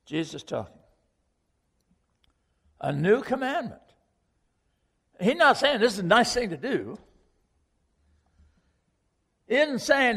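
Gravelly, animated man preaching in a hall. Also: extremely high pitch, takes it slowly, long pauses. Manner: earnest, questioning, repeats key lines for emphasis. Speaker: pastor. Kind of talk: sermon.

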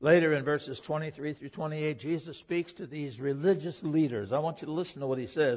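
A man delivers a church sermon, leaning on rhetorical questions and shifting emphasis. His voice sits a little high for a man. The recording sounds dull and lo-fi. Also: quick pace, hardly any pauses, a little mellow. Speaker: preacher.

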